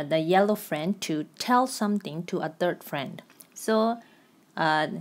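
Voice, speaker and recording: A woman gives a language lesson at an unhurried pace. She says each example phrase more than once. Then she explains it patiently. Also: medium pitch. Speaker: language teacher.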